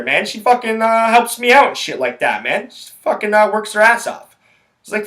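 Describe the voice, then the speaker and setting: A man's voice: high-pitched, big pitch swings, normal speed, a bit bright. A young man, hosting a solo podcast and telling a rambling, blunt story full of profanity. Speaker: podcast host.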